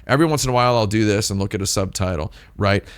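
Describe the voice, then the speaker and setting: A man's voice: on the low side, racing, smooth, no room sound. A man hosting a live stream, chatting casually in a rambling, digressive way with lots of restarts. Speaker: livestream host.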